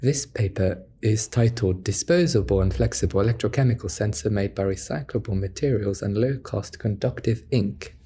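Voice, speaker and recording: Mellow-voiced male podcast co-host. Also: on the low side, moderate pace, few pauses, a little hiss or hum. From half French. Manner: relaxed, laughs often, hesitant fillers when explaining. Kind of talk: casual chat.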